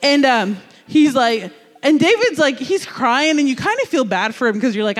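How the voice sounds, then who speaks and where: A man from New Jersey giving a sermon as a youth pastor, telling a story in an animated, jokey, conversational way. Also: very high-pitched, measured pace, long reverb tail.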